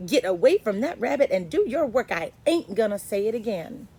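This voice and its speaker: Give me a gruff old farm woman who barks orders, played by a woman. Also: mid-range voice, lively intonation, brisk, a little mellow, a little hiss or hum. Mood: scolding.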